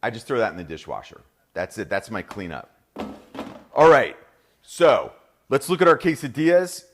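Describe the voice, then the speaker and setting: A man's voice: medium pitch, sing-song, moderate pace, a little hiss or hum. A middle-aged man with a New Jersey accent, hosting a live cooking demonstration in a kitchen and chatting enthusiastically to viewers. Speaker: chef and host.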